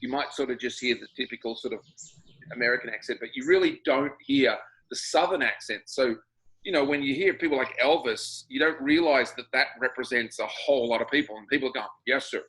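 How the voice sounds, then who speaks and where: A man in his fifties with an Australian accent talks as an interview guest over a video call. His voice is bright and forward at a middling pitch. He wanders through his thoughts with a dry, easy humor. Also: a little fast, slightly rough, poor audio. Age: 50s. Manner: reflective, rambling, dry humor. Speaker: guest, singer-songwriter. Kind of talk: casual interview chat.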